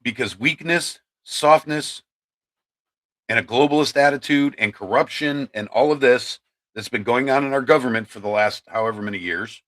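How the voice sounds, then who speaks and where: Ohio man, 50s, livestream host; heated political rant to chat, stumbles and repeats words, mid-pitched voice. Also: moderate pace, a bit bright. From Ohio, USA. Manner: ranting, repeats and restarts words.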